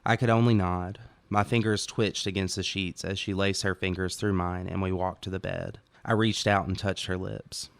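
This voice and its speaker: A man reading his own short story aloud as first-person audiobook narration, calm and even. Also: low voice, normal speed, few pauses, no room sound.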